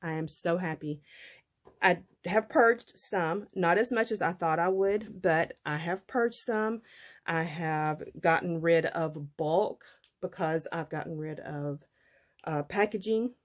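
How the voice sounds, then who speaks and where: Chatty woman, low voice. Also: takes it slowly. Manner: chatty, laughs often, folksy. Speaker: vlogger. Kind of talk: casual chat to viewers.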